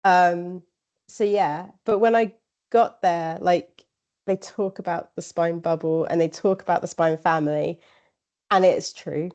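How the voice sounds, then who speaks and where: A woman's voice: on the low side, steady tone, unhurried, darkish tone. A woman, a podcast guest chatting casually, rambling with lots of fillers and quoted asides. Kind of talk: casual interview chat. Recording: slightly dull lo-fi audio.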